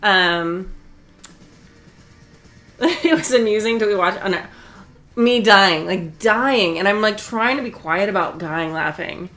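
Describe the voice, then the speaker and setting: A woman's voice: medium pitch, takes it slowly, long pauses, fairly bright tone, faint music behind. A woman chatting casually on a live stream while she sews, talkative and often breaking into laughter.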